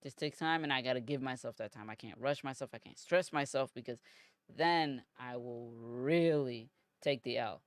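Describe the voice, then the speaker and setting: In studio-quality audio with no room sound, a man in his twenties hosts a solo podcast in a mid-range voice at a moderate pace. He's animated, casual, rambling and profane, saying "bro" a lot.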